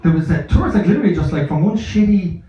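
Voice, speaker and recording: Profane, self-mocking comedian in an echoey club. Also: male voice, high voice, expressive, quick pace, warm tone. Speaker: stand-up comedian. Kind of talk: stand-up comedy set. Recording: echoey, dull live club recording.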